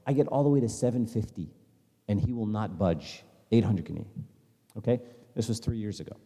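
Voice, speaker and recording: A man's voice: lowish voice, brisk, mellow. A man giving a casual slideshow talk at a church meeting, telling stories with quoted dialogue. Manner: chatty storytelling with quoted dialogue. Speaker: church speaker. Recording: long hall reverb.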